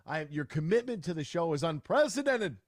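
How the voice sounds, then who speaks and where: A man hosting a sports talk radio show, energetic and playful, bantering with a guest. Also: a little high, a little fast, no echo, clean studio sound. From Michigan. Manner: energetic, lively, playful with quoted voices. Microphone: studio radio mic.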